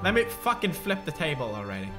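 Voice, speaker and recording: A man with a Swedish accent, a native Swedish speaker, giving gaming commentary, raging, swearing and yelling at the game. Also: fairly high pitch, huge pitch swings, fast talker. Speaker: gaming video creator. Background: game music.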